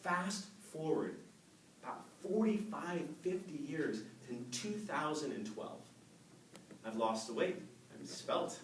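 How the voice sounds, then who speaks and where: Man in his 50s, animated storyteller at a speaking club, up-and-down pitch, recorded from afar in a roomy hall with faint hiss. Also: slow. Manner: animated, storytelling, laughs with the audience. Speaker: Toastmasters speaker. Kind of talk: public speech. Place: meeting room with a live audience. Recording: echoey room, mic from far off, faint noise.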